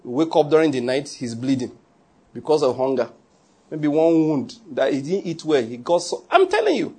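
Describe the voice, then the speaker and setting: Nigerian male pastor, husky and slightly high, chatty joking sermon delivery. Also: sing-song, moderate pace, warm tone. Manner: joking, conversational preaching with pidgin asides.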